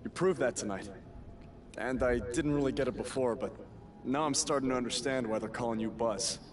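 A man plays a cocky video-game wrestler, a brash showman with a mid-pitched voice. He sounds boastful and sure of himself. A loud arena crowd from the game audio is heard clearly behind him. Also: brisk, close to an everyday voice.

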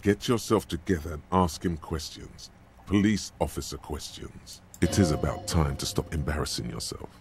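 A very deep, ominous inner voice. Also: male voice, moderate pace, husky, heavily acted. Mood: mocking. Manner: commanding, mocking, ominous narration. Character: grave male inner voice narrating the game. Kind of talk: video game narration. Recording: game music underneath. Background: game music.

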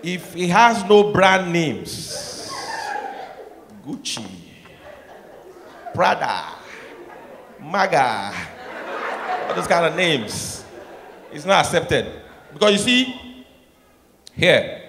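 Animated Nigerian comedian in a big hall. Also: male voice, fairly high pitch, drawn-out words, long pauses. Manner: animated, acts out voices, swings from soft asides to shouted punchlines. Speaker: stand-up comedian. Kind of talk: stand-up comedy routine. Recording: echoey hall, noisy live room.

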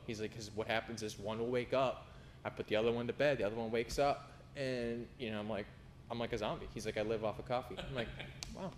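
A man in his thirties preaching a sermon, rising for scripture and dropping low and quick for personal stories. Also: steady tone, slight background noise. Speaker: pastor.

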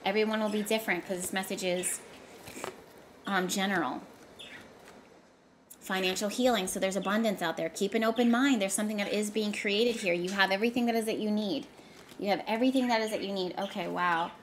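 A woman's voice: medium pitch, steady tone, a little fast, a little hiss or hum. A woman giving a casual tarot reading straight to her viewers, talking emphatically and often repeating herself for effect. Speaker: tarot reader.

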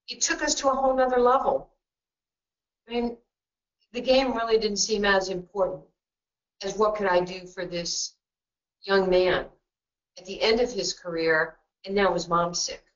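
A woman with a New York accent, a basketball coach speaking in a webinar, blunt and joking, telling stories quickly with many asides. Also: medium pitch, steady tone. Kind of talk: webinar talk. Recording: dull lo-fi webinar audio.

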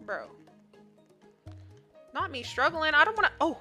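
Woman streamer, sharp bright tone, leisurely pace, playful slangy trolling; faint game music behind. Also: high voice, big pitch swings, unhurried, long pauses. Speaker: gaming streamer. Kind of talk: casual gameplay commentary.

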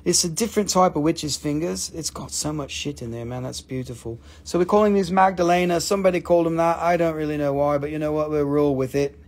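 A man hosting a live crystal sale in casual, playful chat. He jokes, gets excited easily and drifts into broken-English sales talk. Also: fairly high pitch, quick pace, hardly any pauses. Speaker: host selling crystals on a live stream.

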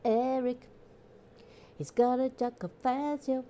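A woman livestreamer building a brick set reads viewer comments aloud mid-build in casual chat. Her mid-range, darkish voice is expressive and a little slow, and she's chatty and jokey, often interrupting herself.

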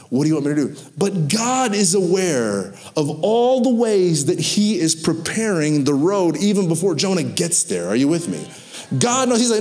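Animated man preaching a sermon. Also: high-pitched, normal speed. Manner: animated storytelling with acted-out quotes. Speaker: pastor.

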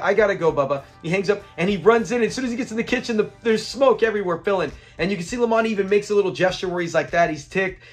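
High-voiced man eagerly breaking down an episode. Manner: eager, rambling, retells scenes with quick quoted lines. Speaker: host of a classic sitcom review channel.

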